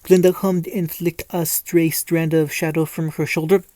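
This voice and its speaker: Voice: medium pitch, level tone, normal speed, mellow, dry recording. A narrator reading a fan-fiction story aloud, with frequent stumbles and restarts. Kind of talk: storytelling reading with light character voices.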